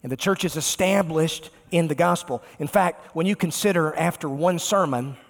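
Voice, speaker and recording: A pastor, a man, preaching a sermon emphatically and slowing down to stress key words. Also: a little high, creaky. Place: large church sanctuary. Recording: long reverb of a large church.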